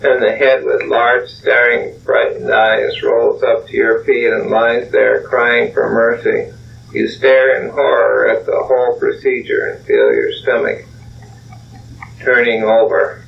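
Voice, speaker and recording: Slow, gravelly older man on an old tape. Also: medium pitch, slight background noise. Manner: slow, calm, suggestive second-person narration. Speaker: clinical psychologist. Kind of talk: guided imagery relaxation tape. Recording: dull old tape recording, distant mic.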